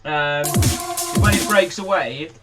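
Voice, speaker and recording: Jokey high-voiced man from Birmingham. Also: takes it slowly. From Birmingham, England. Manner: jokey, self-mocking, laughs often. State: sore throat. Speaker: music producer streaming live. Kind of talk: casual chat while producing music. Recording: distant mic, music playing behind.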